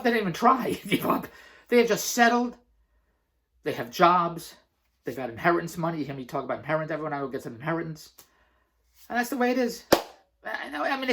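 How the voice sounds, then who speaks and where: A man's voice: on the high side, a bit bright. Rambling man laughing through a pep talk. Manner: rambling, emphatic, laughs often between phrases. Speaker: vlogger and entrepreneur. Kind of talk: casual motivational vlog monologue.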